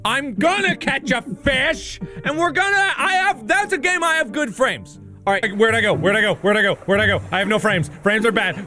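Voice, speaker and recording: A man doing gameplay commentary, swearing and yelling in explosive frustrated outbursts. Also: sits high, expressive, brisk, soft background music. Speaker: gaming video creator.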